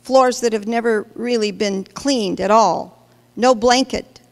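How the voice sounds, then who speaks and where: Woman preacher, slow and gravelly, fires questions at the congregation, big echoey church hall. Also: on the high side. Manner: emphatic, questions the congregation directly. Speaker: pastor. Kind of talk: sermon. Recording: long hall reverb.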